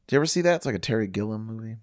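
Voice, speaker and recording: A man's voice: fairly low pitch, lively intonation, rapid-fire, no room sound, studio quality. A man co-hosting a podcast in casual chat, rambling with lots of "like" and "um" and casual swearing. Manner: rambling, filler-heavy, profane. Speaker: podcast co-host.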